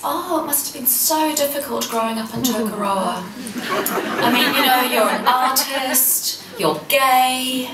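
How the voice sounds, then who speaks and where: A woman's voice: high voice, a little slow, crowd noise, noisy background, pitched above the performer's own voice. A woman putting on the voice of a posh, condescending upper-middle-class expat woman. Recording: echoey hall, picked up from a distance.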